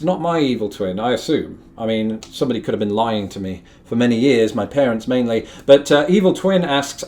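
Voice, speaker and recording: A man's voice: on the low side, animated, a little fast, few pauses, darkish tone. A young man from the North of England, hosting a casual chat to camera with wry, self-deprecating asides. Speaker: host.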